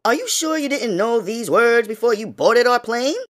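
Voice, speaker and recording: Guy putting on a soft high flirty flight attendant voice, hushed n teasing, audiobook style. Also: expressive, moderate pace.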